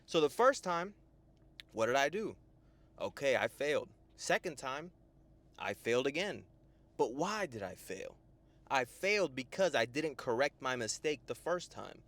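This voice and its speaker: A young man and life coach giving a profane, lively motivational monologue, often tagging "right?". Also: mid-range voice, a little slow. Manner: animated, profane, full of "right?" tags.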